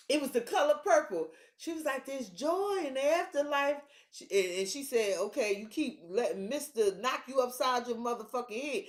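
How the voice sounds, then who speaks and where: A woman's voice: high-pitched, reverberant. A woman giving a casual tarot reading in a hyped-up, blunt and profane manner. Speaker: tarot reader.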